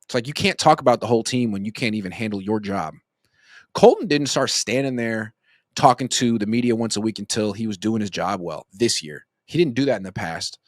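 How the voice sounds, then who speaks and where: A man's voice: fairly low pitch, fairly quick, no room sound, clean studio sound. A man in his thirties giving casual sports commentary as a rambling, joking storyteller. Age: 30s.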